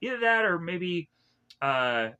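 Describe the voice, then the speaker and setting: A man casually recapping anime episodes in a rambling way, with many restarts, who keeps breaking into animated impressions of the characters. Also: high voice, smooth, lo-fi sound. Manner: rambling, loosely retells scenes with many restarts; acts out characters' lines in a quick, animated way. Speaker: anime reviewer.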